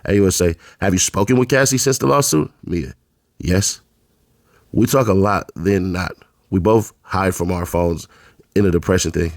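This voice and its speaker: A man with a very low voice reads court testimony aloud line by line. He names each speaker before their lines and keeps a plain read-aloud delivery. The sound is dry and close, with no room around it. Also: normal speed, dry recording. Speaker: channel host reading court testimony. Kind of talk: reading a trial transcript aloud.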